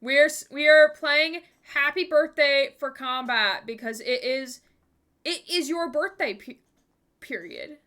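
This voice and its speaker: A woman's voice: high-pitched, a little slow, fairly bright tone. A young woman streaming live, chatting with viewers in a bubbly, giggly way at a desk microphone. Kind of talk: casual live-stream chat.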